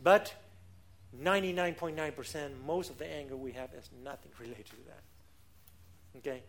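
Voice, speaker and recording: A man's voice: on the high side, moderate pace, slight background noise. A middle-aged man preaching a sermon as pastor, emphatic, asking rhetorical questions, speaking English with non-native grammar.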